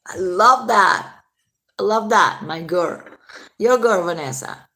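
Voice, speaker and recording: A woman's voice: mid-range voice, measured pace, sharp tone. A woman hosting a casual late-night livestream, chatting with viewers, answering their comments and swearing freely.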